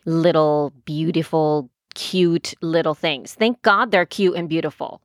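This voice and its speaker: Brief: woman, lower pitch, halting casual talker, dry sound. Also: no echo. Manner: hesitant, many restarts and fillers. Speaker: podcast co-host, goat keeper. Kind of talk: casual chat.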